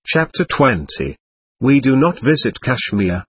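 A man reading a first-person memoir aloud as scripted narration, measured and formal. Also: medium pitch, sing-song, a bit bright, breathy edge, no echo. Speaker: audiobook narrator.

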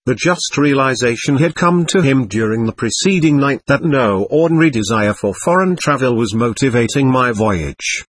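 A man narrating an audiobook memoir in an earnest, measured reading on a close microphone. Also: medium pitch, expressive, husky, dry recording.

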